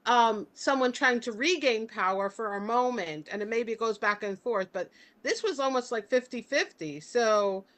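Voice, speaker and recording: A woman's voice: a little high, normal speed, hardly any pauses, fairly bright tone. A woman on a video call, enthusiastically praising a short play. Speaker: theatre group member. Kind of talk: casual chat on a video call.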